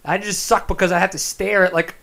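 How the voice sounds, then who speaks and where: A man's voice: high-pitched, flat delivery, fairly quick, gravelly, fairly bright tone. A man hosting a casual podcast, loose and joking as he rambles through ad reads and banter. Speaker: podcast host. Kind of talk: casual chat.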